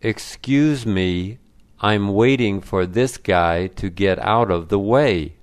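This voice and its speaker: A man's voice: on the low side, takes it slowly, clean tone. Man reading as an indignant shopper. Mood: polite. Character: irritated young man in a shop queue.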